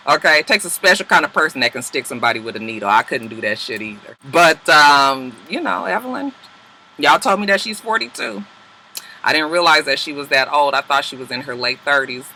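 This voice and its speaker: A woman, recapping a reality show episode in a profane, sassy, animated way. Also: deep voice, brisk, a little hiss or hum, poor audio.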